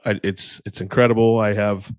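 A young man from Iowa hosting a solo podcast, telling a rambling, animated story full of restarts and acted-out quotes. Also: fairly low pitch, normal speed, no room sound. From Iowa, USA. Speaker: podcast host.

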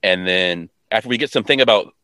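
Rambling low-voiced man recapping a show. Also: quick pace, bright, forceful tone, no room sound. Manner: rambling, many "like" fillers, quotes characters in offhand voices. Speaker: podcast co-host. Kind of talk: casual episode recap chat.

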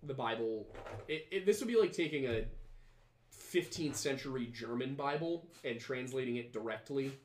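A man's voice: medium pitch, animated, moderate pace, a little mellow, reverberant. A man hosting a podcast, chatting casually and reading viewer comments, rambling with many fillers and restarts. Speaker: podcast host.

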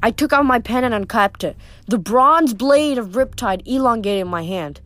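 A woman reads a novel aloud in a steady storytelling way. Her voice is notably high, and faint music plays beneath the reading. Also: moderate pace. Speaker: reader.

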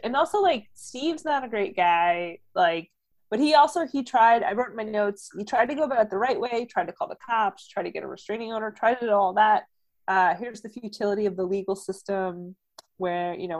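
A woman's voice: mid-range voice, dry recording. A woman co-hosting a podcast, casually recapping a film's plot with lots of fillers and asides. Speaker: podcast co-host recapping a film. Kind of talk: casual chat.

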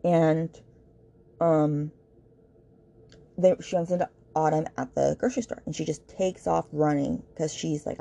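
Here a woman with a low, warm, gravelly voice hosts a book-review podcast, talking at normal speed in a steady tone. Her recap is chatty and gossipy, thick with filler words, and she often turns to address listeners directly.

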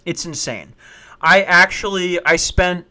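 A man's voice: high voice, unhurried, bright, forceful tone. Guy in his 20s riffing, swears a lot, keeps restarting. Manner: rambling and profane, with frequent restarts. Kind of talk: casual comedic monologue.

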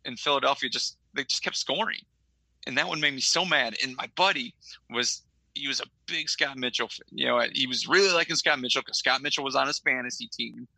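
A man's voice: medium pitch, fairly quick, creaky, sharp tone, no room sound, low-quality recording. A middle-aged man from Michigan, a podcast co-host, telling a rambling story in casual chat with lots of fillers.

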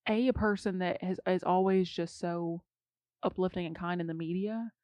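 A woman's voice: fairly low pitch, steady tone, normal speed, a little mellow, no room sound, highs cut off. A young woman co-hosting a casual gossip chat, chatty and hedging, often trailing off mid-sentence. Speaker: podcast co-host.

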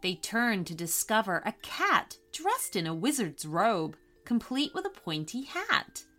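A woman narrating a scripted children's story in a gentle, expressive way. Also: mid-range voice, faint music behind. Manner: gentle, slow and expressive reading.

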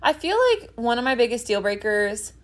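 A woman's voice: fairly high pitch, moderate pace. A young woman in her twenties co-hosting a podcast, chatting casually, giggling often and telling stories packed with fillers. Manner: giggly, animated storytelling with lots of fillers. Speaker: podcast co-host. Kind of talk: casual chat.

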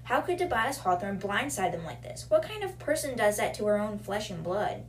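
A woman's voice: medium pitch, very animated, moderate pace, far from the mic, slight background noise, natural voice. A woman reading aloud the inner thoughts of a stunned, wary teenage girl in her own voice. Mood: troubled.

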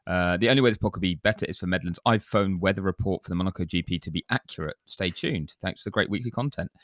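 A man's voice: low voice, fast, no echo, studio quality. A man hosting a casual podcast chat, reading listener reviews aloud with a chatty, self-deprecating manner. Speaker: podcast host.

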